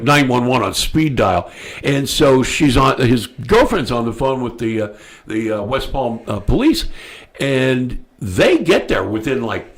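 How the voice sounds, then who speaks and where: A man hosting a radio talk show, telling a story bluntly and crudely, loudly acting out the people in it. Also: medium pitch. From United States. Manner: animated storyteller, acts out quoted voices loudly.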